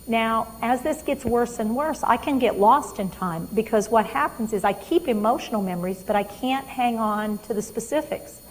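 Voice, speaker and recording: A woman's voice: a little high, normal speed, hardly any pauses, big-room sound, slight background noise, rough recording. A woman trainer giving a live talk on dementia care, emphatic and quizzing her audience.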